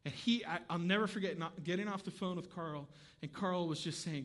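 A male pastor preaching a sermon, telling a story in a conversational way with asides, moving from quiet moments to near-shouting. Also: high voice, brisk.

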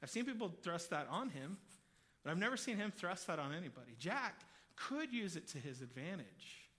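A male pastor delivers a sermon in a high, ringing voice. He tells stories in a lively, conversational way and keeps turning to the congregation with direct questions. His tone stays bright and forceful throughout. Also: normal speed. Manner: animated, chatty, addresses the congregation directly. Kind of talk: sermon with personal storytelling.

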